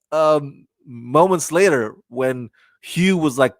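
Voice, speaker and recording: On his own channel, a man reviews a TV episode in a casual, rambling style, restarting often and breaking into bursts of laughter. His voice is a little high and his pace slow, and the recording has no echo.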